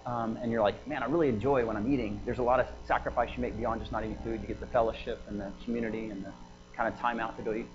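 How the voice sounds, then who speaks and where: A man's voice: medium pitch, highs cut off. A man preaching a sermon in a conversational way, with laughing asides and fillers. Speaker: pastor. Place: church prayer house.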